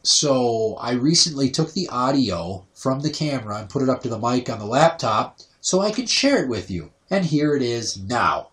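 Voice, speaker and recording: A man's voice: mid-range voice, sing-song, normal speed, few pauses. A man in his thirties hosting a podcast, telling stories casually and acting out other people's voices. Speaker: podcast host. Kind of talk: casual storytelling. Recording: roomy sound, voice distant from the mic.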